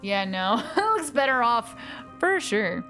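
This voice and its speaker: An excitable American woman chats with her stream audience as she plays, her voice pitched a little high and quick to laugh. Game music plays clearly underneath. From United States. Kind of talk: casual live-stream chat while gaming.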